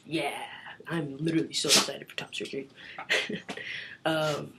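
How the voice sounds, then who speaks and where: A man's voice: fairly high pitch, little pitch movement, moderate pace, vocal fry, long pauses. Chatty young man in a noisy bedroom. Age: young adult. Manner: chatty, rambling, lots of filler words and casual swearing. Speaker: vlogger. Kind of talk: casual chat to camera. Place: his bedroom.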